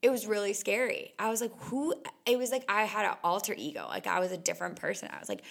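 Chatty young woman with vocal fry. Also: medium pitch, animated, fast talker, hardly any pauses, fairly bright tone. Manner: chatty and candid, heavy on "like" fillers. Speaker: fitness instructor. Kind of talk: casual solo podcast monologue.

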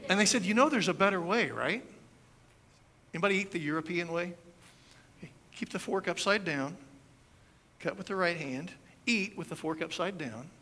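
A man's voice: sits high, moderate pace, long pauses, pushed and bright. A man in his fifties from the United States preaching a conversational sermon, telling stories with playful asides and demonstrations. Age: 50s. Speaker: pastor.

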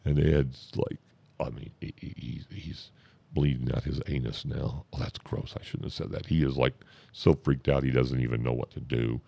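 Very deep, gravelly drawling man. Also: dry recording. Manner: drawn-out, deadpan delivery with self-interruptions. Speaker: comic storyteller. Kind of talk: comic anecdote telling.

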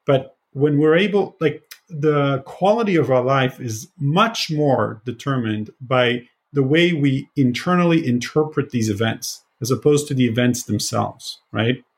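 Man, casual podcast guest, talks about teaching, animated and rambling. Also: medium pitch, a little slow, few pauses. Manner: animated storyteller, many fillers. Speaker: former positive psychology teacher. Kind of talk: casual conversation.

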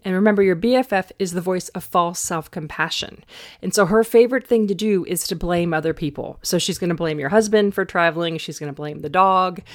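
A middle-aged woman hosting her own podcast as an anxiety coach, talking candidly and conversationally about her own stress. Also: medium pitch. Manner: candid, conversational, self-reflective. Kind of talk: casual podcast monologue.

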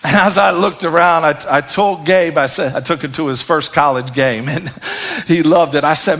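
A middle-aged man preaches with fire, his bright, forceful voice climbing to shouted peaks. He calls out to the congregation for answers, and his speaking voice sits a little high for a man. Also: moderate pace. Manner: fiery, preaching with shouted peaks and call-and-response. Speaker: pastor. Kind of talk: sermon.

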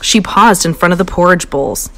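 A woman narrating a children's storybook with a bouncy, playful delivery. Her pitch leaps high and dips low as she tells the tale, keeping it animated for young listeners. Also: normal speed. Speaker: storybook reader.

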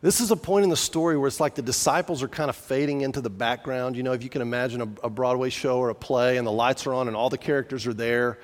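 Man preaching in an echoing hall. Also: medium pitch. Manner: conversational preaching with restarts and asides. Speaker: pastor. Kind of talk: sermon. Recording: long reverb of a large hall.

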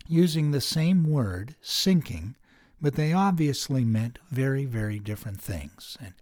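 A middle-aged man hosting a meditation podcast, telling a story in a measured, thoughtful way. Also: mid-range voice, darkish tone. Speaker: podcast host. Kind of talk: reflective spoken meditation.

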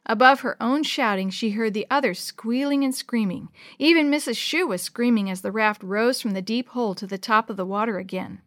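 A woman reading a children's adventure story aloud, lively, changing her voice for each child and dropping to a hush for the whispered parts. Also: on the high side, brisk, hardly any pauses, no echo, studio quality. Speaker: storybook narrator.

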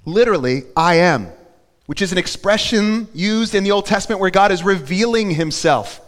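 A male pastor preaching a sermon in a conversational way, asking the congregation questions and building to loud, emphatic peaks. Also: sits high, animated, normal speed, big-room sound. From Florida.

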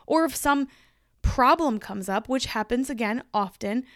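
High-voiced chatty woman podcaster. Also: animated, measured pace, a bit bright, no echo, clean studio sound. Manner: chatty and emphatic, laughs easily. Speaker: podcast host. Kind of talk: solo podcast monologue.

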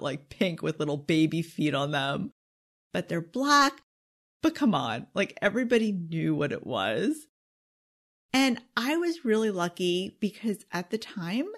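A middle-aged woman hosting a podcast in a casual, emphatic way, often asking "okay?" and laughing. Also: medium pitch. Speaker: podcast host. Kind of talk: casual solo podcast talk.

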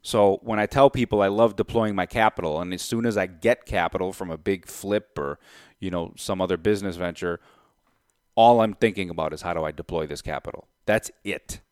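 A clean, low male voice speaks fairly quickly, with no room sound and clean studio audio. The speaker, a real estate investor, retells a story to camera in an animated, casual way, acting out both sides of a deal and doing sums out loud.

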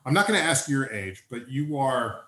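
Animated man in an echoey room. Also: mid-range voice, moderate pace. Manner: animated, acts out quoted people. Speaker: podcast host, lawyer and agent. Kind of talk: casual interview chat. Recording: echoey room with faint ambience.

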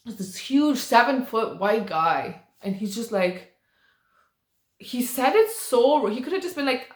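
A woman's voice: a little high, lively intonation, measured pace. A young adult woman rambling through a casual story as a vlogger, with lots of fillers and swearing. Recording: roomy echo.

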